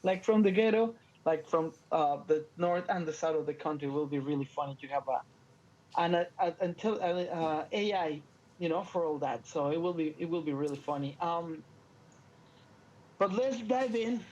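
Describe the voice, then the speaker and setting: This podcast co-host is a Latino man whose first language is Spanish, and he jokes around in relaxed chat with a Latin American Spanish accent. His pitch leans high and his speed is normal, and he comes across lively and playful. The sound is lo-fi.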